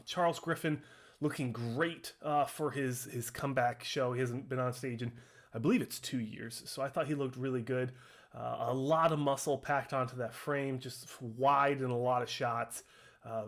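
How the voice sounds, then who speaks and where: A young man commentating on contest footage in a casual, excited way, out of breath and full of fillers. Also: mid-range voice. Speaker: bodybuilding commentator.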